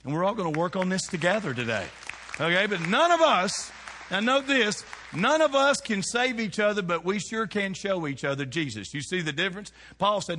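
Animated pastor in a reverberant church. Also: male voice, high-pitched, moderate pace. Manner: folksy, animated preaching with rhetorical questions to the congregation. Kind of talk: sermon. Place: church sanctuary. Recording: long reverb of a church hall.

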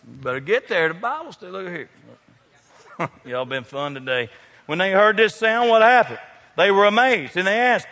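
A man's voice: high-pitched, expressive, fairly quick, a bit bright. A man preaching a sermon, folksy and joking, calling out members of his congregation by name. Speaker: pastor. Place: large church sanctuary. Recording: long hall reverb from sanctuary.

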